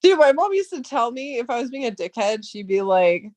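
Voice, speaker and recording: A woman's voice: fairly high pitch, very animated, brisk, a little mellow, no echo. A woman in her thirties chatting casually as a podcast co-host, telling rambling stories full of swearing. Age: 30s. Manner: profane, rambling storytelling. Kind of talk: casual chat.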